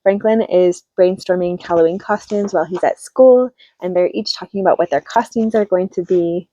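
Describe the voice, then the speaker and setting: An upbeat, chatty woman in her thirties sums up picture books for other parents in a relaxed, casual way. Her voice is mellow and warm, recorded close and dry with a slightly dull, lo-fi tone. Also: fairly low pitch, normal speed, dry recording. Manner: chatty and upbeat, retells stories with light laughs. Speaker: homeschooling mom reviewing children's books. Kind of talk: casual book review.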